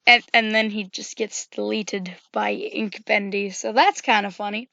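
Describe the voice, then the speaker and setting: A woman's voice: medium pitch, fairly even intonation, unhurried, gravelly, pushed and bright, no echo, muffled recording. A woman giving casual, rambling game commentary, full of fillers and self-corrections.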